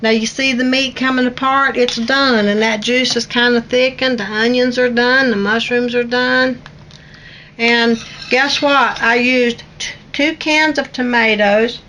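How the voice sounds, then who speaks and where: Here the same Appalachian-accented cooking host keeps up her chatty, teasing kitchen talk in a slightly high, fairly bright voice. She's distant from the mic, the highs are cut off, and there's a little hiss or hum under faint music.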